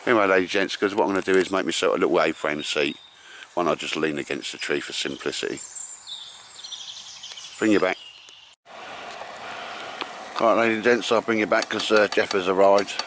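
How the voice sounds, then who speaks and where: Speaking low and a little fast, this Essex man pauses often, and his tone is a touch bright. Slight background noise surrounds him as he does a rambling, matey woodland chat to camera as a bushcraft vlogger, calling everyone mate.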